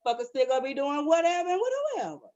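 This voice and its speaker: A woman co-hosting a podcast in casual chat, blunt and profane, telling stories with animated quoted voices. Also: high voice, rapid-fire, no room sound, highs cut off. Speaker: podcast co-host.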